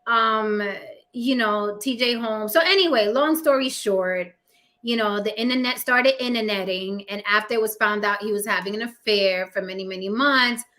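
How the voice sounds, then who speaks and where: A woman's voice: mid-range voice, moderate pace, sharp tone. A woman with a New York accent hosting a casual livestream chat, blunt, sassy and full of profanity. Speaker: host.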